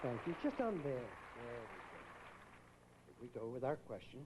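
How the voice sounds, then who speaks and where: A man hosting a live pageant on stage, teasing the contestants with quick jokes as he interviews them. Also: medium pitch, very animated, background noise. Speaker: pageant host. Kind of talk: joking live pageant emcee.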